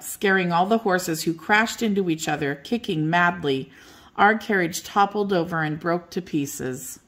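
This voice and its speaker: An older woman reading a children's bedtime story aloud as the storyteller, gentle and expressive. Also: fairly low pitch.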